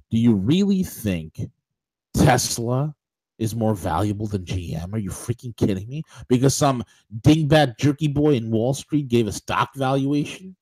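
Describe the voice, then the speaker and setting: A man's voice: medium pitch, a little mellow, breathy edge, no echo, rough recording. A man co-hosting a political talk show, ranting emphatically with rhetorical questions and frequent restarts. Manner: many restarts and fillers. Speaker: show co-host.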